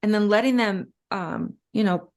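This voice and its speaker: A woman's voice: mid-range voice, normal speed. A middle-aged woman speaking as a guest in a casual interview, chatty and storytelling with frequent fillers. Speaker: guest, respiratory therapist.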